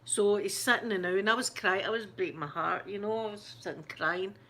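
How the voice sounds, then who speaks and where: Shaken Scottish woman, talking haltingly. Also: medium pitch, sharp tone. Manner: halting, shaken, many restarts and fillers. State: upset, close to tears. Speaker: ASMR channel host. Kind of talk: casual live chat.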